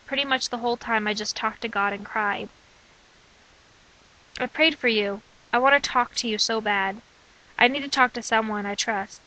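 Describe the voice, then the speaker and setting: A woman in her twenties reading her old diary letters aloud in short, steady clipped phrases. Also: on the high side, low-quality recording. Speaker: vlogger.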